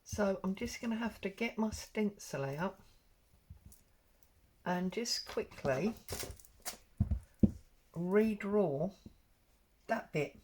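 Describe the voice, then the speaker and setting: A woman's voice: mid-range voice, lively intonation, drawn-out words, pauses often, noisy background. A woman talking casually and rambling as she works on an embroidery project, with plenty of ums. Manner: rambling and chatty, with frequent ums. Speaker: craft vlogger. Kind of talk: casual stitch-along chat.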